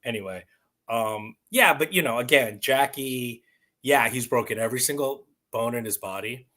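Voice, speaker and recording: A man talking casually to camera during an unboxing, rambling and swearing, with loud bursts of excitement, recorded at home on a camera mic. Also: medium pitch, moderate pace, low-quality recording. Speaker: vlogger. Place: someone else's home. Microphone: external mic on camera.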